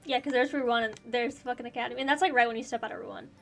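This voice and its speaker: A woman's voice: a little high, fairly even intonation, fast talker, fairly bright tone. A woman gaming streamer chatting casually and emotionally while playing, with faint game music behind. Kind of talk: casual let's-play commentary.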